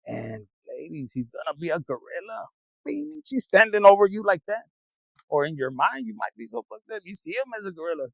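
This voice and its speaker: A man's voice: sits high, big pitch swings, fairly quick, vocal fry, no echo, poor audio. A man giving a casual tarot reading, rambling and streetwise, swearing freely as he talks to viewers. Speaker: tarot reader.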